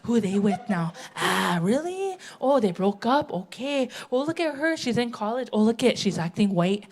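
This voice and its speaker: A woman doing stand-up while acting out her catty, gossiping sisters in a hushed tone. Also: on the high side, very animated, normal speed.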